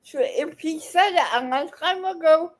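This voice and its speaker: A woman's voice: extremely high pitch, measured pace. A woman giving angry, profane reaction commentary, scolding the people in a video.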